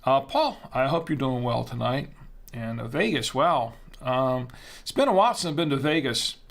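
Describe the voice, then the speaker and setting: A man with a gravelly, creaky voice hosts a casual wine-tasting livestream. He rambles loosely, with plenty of fillers and restarts, while reading out viewer chat. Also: mid-range voice, lively intonation, moderate pace, a bit bright.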